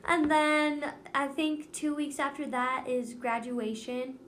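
A woman's voice: high voice, flat delivery, slow, very noisy. A teenage girl chatting casually as a student co-host, giggly and chatty, with lots of fillers. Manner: giggly, chatty, says "like" a lot. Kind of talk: casual chat.

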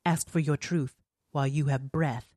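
A woman reading the lines of a stern, calm older mother who leads a séance, speaking softly, clearly and without hurry. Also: sits low, dry recording, clean studio sound. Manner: soft, clear and unhurried.

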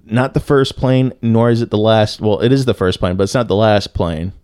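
A young man with a fairly low voice co-hosts a casual podcast, rambling through a story with constant fillers and swearing. The sound is dry and close to the mic. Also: moderate pace, smooth, no echo. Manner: profane, rambling, lots of fillers, swings to loud disbelief. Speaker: podcast co-host.

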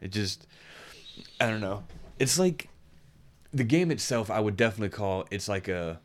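Guy with a really low voice, casual chat, rambles and restarts a lot while reviewing a game. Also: moderate pace. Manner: rambling, searches for words, frequent restarts. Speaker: podcast co-host reviewing a game.

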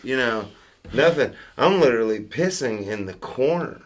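A man's voice: medium pitch, expressive, a little slow, a crowd in the background. A Southern US man telling a story in casual chat, rambling and profane, with laughter breaking in.

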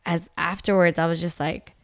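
A woman's voice: lowish voice, level tone, moderate pace, no room sound, clean studio sound. A woman in her thirties, a mother co-hosting a vlog, talking earnestly and openly about her feelings with many casual fillers. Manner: earnest and open, with frequent fillers. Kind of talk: candid personal vlog talk.

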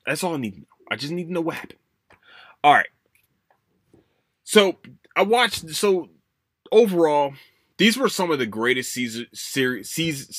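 A man's voice: mid-range voice, slightly rough, no echo, studio quality. A man hosting a casual solo podcast, ranting with lots of swearing and restarts. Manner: animated, profane ranting with many restarts. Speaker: podcast host.

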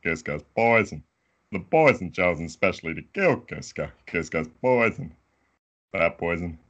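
A man's voice: sits low, lively intonation, measured pace, fairly bright tone, highs cut off. Kronk: a man doing a big cheery dim henchman. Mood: booming, earnest.

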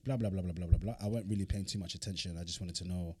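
A man's voice: deep voice, steady tone, very fast, a crowd in the background. A man, co-hosting a podcast, telling a story in casual, slangy chat, with bursts of laughter. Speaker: podcast co-host.

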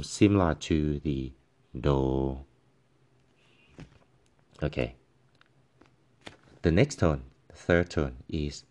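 Slow, deep-voiced male language teacher. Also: darkish tone. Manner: patient, halting, with many fillers and pauses; demonstrates tones by voicing syllables and musical notes. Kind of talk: tone pronunciation lesson.

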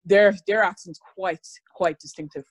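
A woman's voice: fairly low pitch, steady tone, husky, no room sound. Chatty young Irish woman co-host. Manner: chatty, fast-talking, with stammered restarts. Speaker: podcast co-host. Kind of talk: casual chat.

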